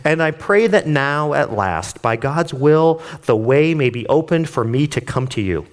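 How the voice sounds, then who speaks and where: A man's voice: on the high side, animated, a little slow. A man reading scripture aloud and explaining it in a casual, earnest way, sometimes getting worked up. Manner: reads scripture then explains it conversationally. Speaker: Bible teacher. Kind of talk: devotional Bible reading and commentary.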